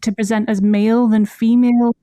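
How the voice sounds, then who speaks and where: A woman's voice: on the high side, flat delivery, brisk, dark tone, no echo, studio quality. Playful, eager woman podcast co-host. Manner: playful, eager questioner, teasing. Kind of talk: casual chat.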